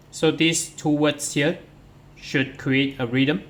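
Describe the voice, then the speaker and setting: A man's voice: mid-range voice, slow pace, fairly bright tone. A man teaching English to pupils, walking through workbook answers step by step and counting syllables aloud one at a time. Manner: addresses pupils directly, starts many lines with "so".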